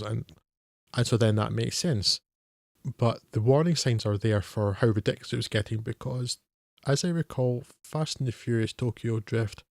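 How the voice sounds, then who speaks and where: A man's voice: mid-range voice, dry recording, clean studio sound. A man co-hosting a film podcast, talking in a wry, hesitant way with many fillers. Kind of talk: casual film discussion.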